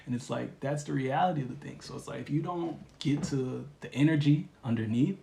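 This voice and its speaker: A man giving a casual spiritual reading, talking in a relaxed, rambling way with slang and lots of fillers. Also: mid-range voice, fairly quick, vocal fry, echoey room, a little hiss or hum. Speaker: tarot reader.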